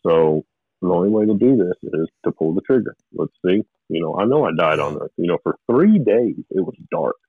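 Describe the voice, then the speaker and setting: A man telling his own story as an interview guest, rambling and halting in an earnest, confessional way. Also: sits low, animated, husky, dry recording. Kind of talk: personal testimony in conversation. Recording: narrow phone-like line, dry.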